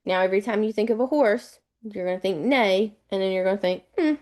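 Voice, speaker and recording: Southern US woman, test prep tutor, chatty, repeats each step, mid-pitched. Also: fast talker, a little mellow. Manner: chatty, repetitive step-by-step explaining. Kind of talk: live online webinar lesson.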